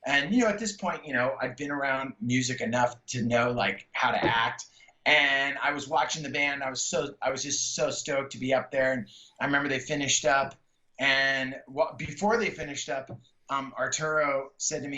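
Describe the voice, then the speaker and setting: Excitable man rambling through a story, echoey. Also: mid-range voice, normal speed. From San Jose, California. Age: middle-aged. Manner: excited, rambling, many fillers and restarts. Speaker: guest comedian. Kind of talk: casual storytelling chat. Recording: echoey room, dull lo-fi sound.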